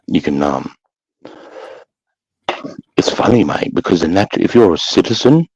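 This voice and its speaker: A man's voice: sits low, animated, slow, a little mellow, husky, dry recording, highs cut off. An Australian man co-hosting a casual livestream chat, blunt and swearing, calling people mate. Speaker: livestream co-host.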